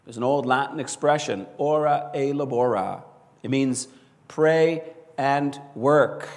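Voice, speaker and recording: A man preaching a sermon in an earnest, measured way, often quoting scripture and rising to stress key words. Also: medium pitch, big-room sound.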